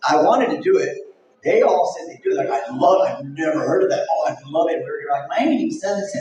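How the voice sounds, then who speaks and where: A man's voice: medium pitch, darkish tone, distant mic, a little hiss or hum. Rambling man talking in an echoey hall. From Mexico. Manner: candid, rambling and jokey. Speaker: convention organizer. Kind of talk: casual panel talk. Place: event hall.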